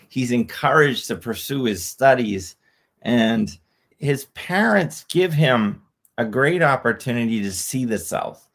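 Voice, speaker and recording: Author guest, male, lowish voice, a bit hoarse, earnest, repeats points. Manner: earnest, explanatory, repeats phrases. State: slightly hoarse. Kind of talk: podcast interview.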